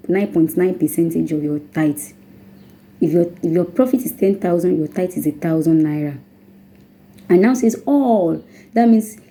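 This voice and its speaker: A woman giving a Bible teaching as a preacher, slowing down to stress key words. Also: fairly low pitch, warm tone, rough recording.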